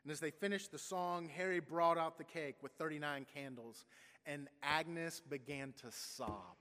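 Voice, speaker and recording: A man's voice: fairly high pitch, sharp tone. A man, a pastor, tells a story in a sermon, briefly voicing its people. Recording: long church reverb.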